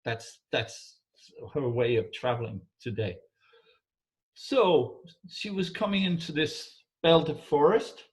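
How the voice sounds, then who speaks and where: A man's voice: fairly high pitch, lively intonation. Guy telling a troll story, stops and restarts a lot, keeps asking "right?". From Denmark. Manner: halting, warm, repeats words, asks listener for agreement. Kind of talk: oral folk storytelling.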